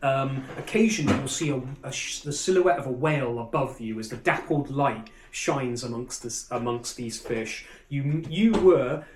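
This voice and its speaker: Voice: mid-range voice, normal speed, few pauses. A game master narrating a tabletop role-playing scene in a descriptive way, with frequent ums and restarts. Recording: roomy echo.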